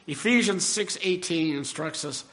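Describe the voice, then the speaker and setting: An older male pastor delivers an earnest sermon in a notably high-pitched voice. He pushes his voice up for emphasis and slows down to land the key phrases. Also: a bit bright.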